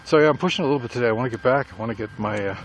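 A man's voice: mid-range voice, racing. A middle-aged man talking casually and reflectively about writing dialogue, rambling a little as he goes, with faint traffic noise around him. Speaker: writer vlogger. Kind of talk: casual talk while walking.

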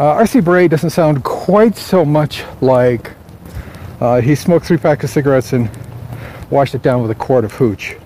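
A man talks through his morning in a casual, rambling vlog, full of restarts and small fillers. His voice is mellow and warm rather than bright. Faint traffic and street sounds sit behind him outdoors. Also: a little high. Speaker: author vlogging.

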